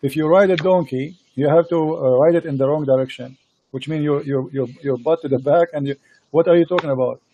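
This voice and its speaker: A man hosting a heated online debate, insistent and repetitive, speaking halting non-native English into a computer mic. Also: fairly high pitch, narrow, tinny audio, a little hiss or hum. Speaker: host of a live debate stream.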